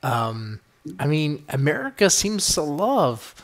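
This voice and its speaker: A podcast host talks slowly in a fairly high voice with big swings in pitch. His chat is loose and rambling, full of swearing and piled-up fillers.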